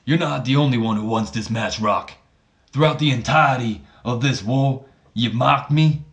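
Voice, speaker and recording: A man's voice: mid-range voice, moderate pace, fairly bright tone, natural voice. Man doing a trash-talking angry wrestler. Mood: bitter. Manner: rough street trash talk.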